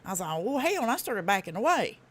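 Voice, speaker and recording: A woman with a Tennessee Southern accent hosting a live stream, talking fast with a blunt, profane, folksy drawl. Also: medium pitch, sing-song, fairly bright tone. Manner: fast talker. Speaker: livestream host. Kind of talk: casual live-stream commentary.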